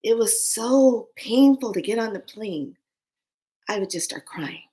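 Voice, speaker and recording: A woman's voice: fairly high pitch, animated, measured pace, dark tone, poor audio. Earnest woman telling a personal story. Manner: emotional, earnest, addresses listeners directly. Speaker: spiritual storyteller.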